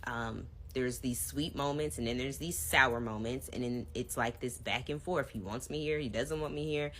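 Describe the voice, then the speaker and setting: A woman in her thirties tells a personal story to her viewers in a low voice. She is animated and casual, and she acts out both sides of the argument. A faint hum sits under her voice. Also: normal speed. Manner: casual, addresses viewers directly. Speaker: vlogger. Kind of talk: storytime vlog.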